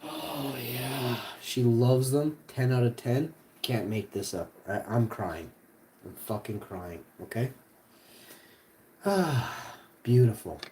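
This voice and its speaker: A man runs a live cooking stream and brags his way through every flip and bite. He swears freely and gets excited fast. His pitch sits in an ordinary middle range, with faint noise behind him. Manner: boastful, profane and excitable.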